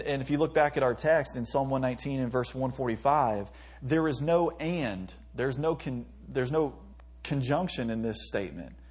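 A man's voice: medium pitch, darkish tone, husky. A man preaching an earnest sermon to teenagers, reading scripture aloud and acting out heartfelt prayers. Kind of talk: sermon to youth.

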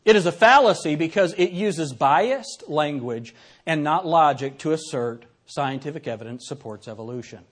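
Speaking at a moderate pace in a slightly high voice, a man gives a conversational, animated classroom lecture where he reads examples aloud and asks his audience questions.

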